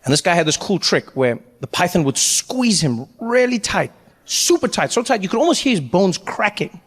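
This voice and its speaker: A man performing stand-up comedy, telling a story with animated delivery. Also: high-pitched, moderate pace, big-room sound. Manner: animated storytelling, jumping into voices.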